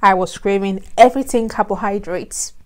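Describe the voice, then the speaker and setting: A woman's voice: medium pitch, normal speed. Chatty woman vlogger telling a story. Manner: chatty, laughs often, acts out quotes. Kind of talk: casual storytelling.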